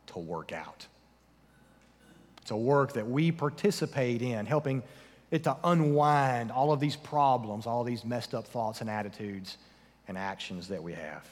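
A man preaching a sermon, asking rhetorical questions and dropping his voice low for emphasis. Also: in a large hall. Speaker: pastor.

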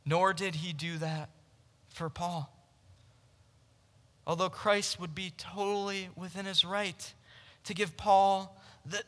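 A man preaching a sermon to a room of listeners, earnest and conversational, with frequent restarts and swings between loud emphasis and hushed moments. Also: high voice. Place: large room with a live audience. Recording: long reverb from a large hall.

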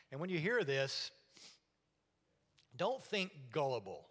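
A man's voice: on the high side, very animated, a little slow, long pauses. Earnest preacher man in a reverberant church. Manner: earnest, drops to hushed tones for emphasis. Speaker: pastor. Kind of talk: sermon. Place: church sanctuary. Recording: long reverb of a church hall.

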